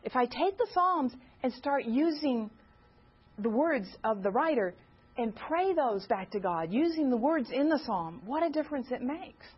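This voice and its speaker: A woman speaks to a church gathering in a high, light voice, earnest and personal. She often turns to the listeners with direct questions. The sound is a little dull and muffled, lacking top end. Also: lively intonation, normal speed, breathy edge. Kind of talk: informal teaching talk.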